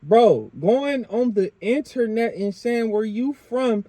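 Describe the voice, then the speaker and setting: A man's voice: very high voice, animated, slow, dark tone, dry recording. A man hosting an interview, talking bluntly and arguing his point in street slang. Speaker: podcast host. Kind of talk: casual interview talk.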